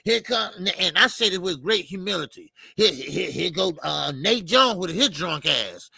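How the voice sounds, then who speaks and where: A man's voice: high-pitched, animated, normal speed, gravelly, sharp tone, breathy edge, dry recording. A man talking boxing in a blunt, heated way, repeating his points. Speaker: boxing commentator. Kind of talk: casual boxing debate.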